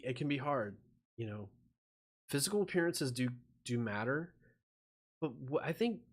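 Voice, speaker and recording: A man rambling profanely on a live stream while feverish, laughing often and restarting his sentences. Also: mid-range voice.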